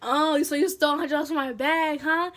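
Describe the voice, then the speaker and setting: A woman voicing a strict Haitian mother scolding her child, with a put-on Haitian accent and a sharp, scolding manner. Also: high voice, fairly even intonation, a little fast.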